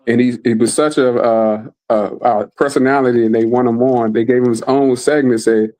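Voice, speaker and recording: A man's voice: mid-range voice, steady tone, moderate pace, mellow. Male podcast host, casual and enthusiastic, mid-range voice, remote call. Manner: enthusiastic, repeats words and phrases. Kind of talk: casual chat.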